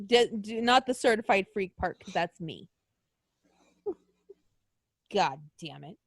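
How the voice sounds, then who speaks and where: A woman's voice: medium pitch, animated, slow, no echo, studio quality. A young woman co-hosting a wrestling podcast, ranting and swearing in exasperated casual chat. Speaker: podcast co-host.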